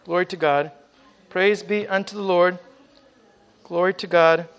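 High-voiced fervent male preacher. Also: fairly even intonation, a little slow, fairly bright tone, clean tone. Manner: fervent, often exclaiming praise to God; repeats words at the start of phrases. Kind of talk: sermon with personal testimony. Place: church service with congregation.

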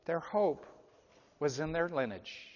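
A man preaching a revival sermon, swinging from loud, pleading appeals to hushed, low endings. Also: animated, slow pace. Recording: dull, echoey hall.

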